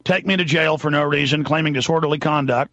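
A man from Texas hosting a talk show, ranting angrily and shouting accusations into the microphone. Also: on the high side, steady tone, fast, dry recording, lo-fi sound. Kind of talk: angry political rant.

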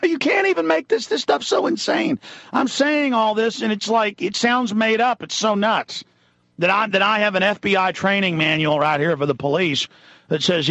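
A man's voice: high voice, moderate pace, gravelly, a bit bright, no echo, dull audio. A man hosting a talk radio show, ranting indignantly and reading news items aloud in an impassioned monologue.

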